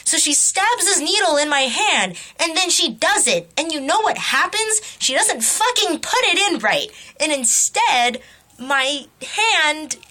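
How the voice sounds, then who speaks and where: A young woman vlogger telling a story casually, animated, swearing freely and laughing as she talks. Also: sits high, measured pace.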